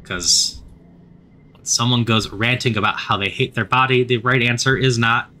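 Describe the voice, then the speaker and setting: A man's voice: mid-range voice, steady tone, moderate pace, bright, forceful tone. A man reading a story game aloud as he plays, adding wry asides of his own. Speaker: narrator of a story game playthrough. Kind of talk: narrated playthrough.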